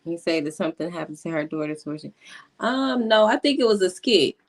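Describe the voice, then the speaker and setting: A woman commenting casually on a video, halting and thinking aloud as she talks. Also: on the low side, expressive.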